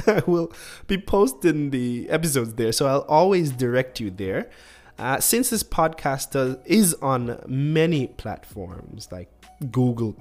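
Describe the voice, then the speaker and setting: A man from Jamaica hosting a podcast, chatty and upbeat though a little tired, laughing often. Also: medium pitch. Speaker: podcast host. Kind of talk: casual podcast talk.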